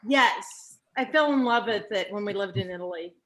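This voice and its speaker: A woman's voice: medium pitch, moderate pace, fairly bright tone. A woman joining a casual wine tasting on a video call, making playful remarks. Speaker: participant in a virtual wine tasting. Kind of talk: casual group chat over a video call. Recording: roomy echo on a video call.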